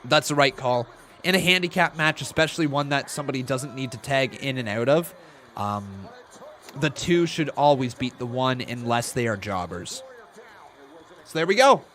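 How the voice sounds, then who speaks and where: A man hosting a casual live stream, reacting to the action, calling moves and counting along excitedly. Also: mid-range voice, moderate pace. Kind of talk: casual watch-along commentary.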